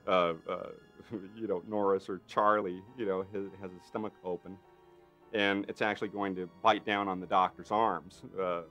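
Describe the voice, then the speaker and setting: A man with a low voice tells a behind-the-scenes story in an animated way. Now and then he acts out other people's lines, and soft music plays under his voice. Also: moderate pace. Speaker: makeup effects artist. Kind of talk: interview anecdote.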